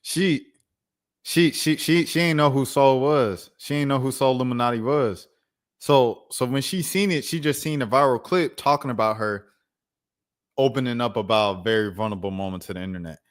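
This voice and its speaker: A man's voice: mid-range voice, normal speed. A man hosting a reaction stream, talking in a laid-back, rambling way and repeating words as he goes. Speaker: host. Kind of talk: casual reaction-stream chat.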